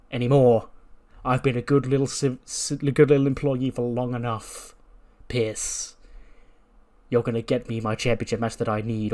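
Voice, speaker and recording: A man putting on the voice of a threatening, fed-up male wrestler who makes loud, blunt demands. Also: mid-range voice, close to an everyday voice.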